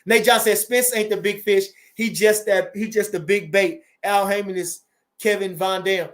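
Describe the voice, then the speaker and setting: A boxing trainer in his forties hosts a livestream, chatting loosely and reading out viewer comments at a normal speed. His voice is fairly high, and he's animated, swears freely, and keeps repeating phrases and doubling back on his words.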